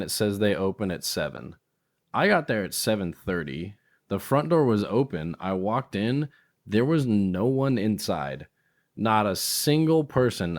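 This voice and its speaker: A man hosting a podcast, telling a story casually, swearing and acting out what people said. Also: fairly low pitch. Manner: animated storyteller who swears and acts out quotes. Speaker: podcast host.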